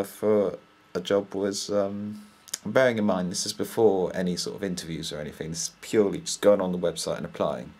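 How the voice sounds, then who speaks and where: Young man, British accent, low voice, slightly husky, exasperated rambling vlog rant. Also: a little mellow. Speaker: vlogger. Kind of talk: casual ranting monologue.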